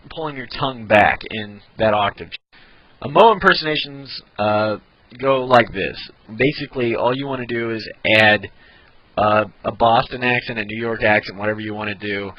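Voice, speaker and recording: A man's voice: medium pitch, normal speed, sharp tone, poor audio. A man giving a casual tutorial on doing voice impressions, often restarting mid-sentence as he explains. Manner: demonstrating, frequent restarts. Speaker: voice impressions teacher.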